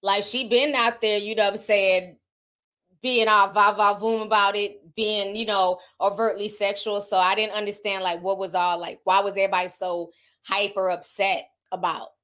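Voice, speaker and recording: Here the Southern-accented gossip host speaks at a normal pace in a medium pitch that barely moves, her tone slightly bright. She goes through viewer comments on her casual celebrity livestream, giving honest takes. Talkative and candid, she laughs frequently and reacts to the chat.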